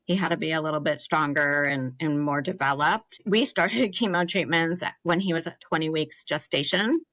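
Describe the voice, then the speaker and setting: A woman's voice: sits low, normal speed, a bit bright, no echo, rough recording. A woman in her thirties, a guest on an interview podcast, earnestly telling her own story and acting out what others said. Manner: earnest, emotional, acts out quoted voices. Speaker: podcast guest, cancer survivor.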